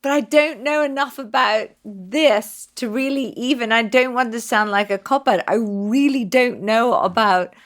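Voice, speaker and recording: A woman's voice: a little high, normal speed, few pauses. A woman as an investor, chatty and self-deprecating as she gives her verdict. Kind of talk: investor panel chat.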